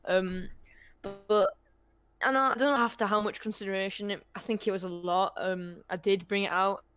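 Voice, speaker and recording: A man co-hosting a casual chat, telling stories in an animated, self-mocking way. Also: sits high, normal speed.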